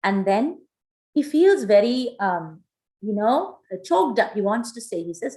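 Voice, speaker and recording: A woman teaching a scripture class, retelling a story in an animated way with many fillers. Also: medium pitch, measured pace, low-quality recording.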